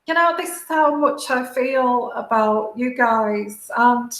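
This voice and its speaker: A British woman hosting a tarot livestream, talking halting and heartfelt to her viewers, close to tears. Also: a little high, roomy sound, poor audio. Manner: halting, many restarts and fillers, heartfelt. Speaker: tarot reader and livestream host. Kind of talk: casual livestream talk to viewers.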